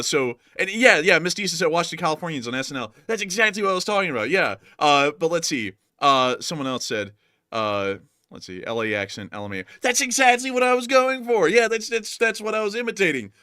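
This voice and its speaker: A man hosting a war news stream, chatting with his co-host in an animated, joking way, full of "like" and "man". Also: on the high side, a little fast, no echo, clean studio sound. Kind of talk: casual joking chat with co-host.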